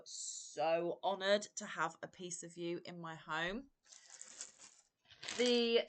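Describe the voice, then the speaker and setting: A woman gushes over a parcel on her vlog, full of delighted exclamations. She speaks slowly and unhurriedly, and her voice has a bright, forceful edge. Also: mid-range voice. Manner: gushing, effusive, exclamatory. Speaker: crochet vlogger. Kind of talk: unboxing vlog.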